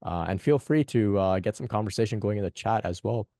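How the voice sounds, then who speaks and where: Man host, low mellow voice, dry close sound, halting reflective talk for a spiritual group call, repeats himself. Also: no echo. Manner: halting, repeats phrases, asks "right?".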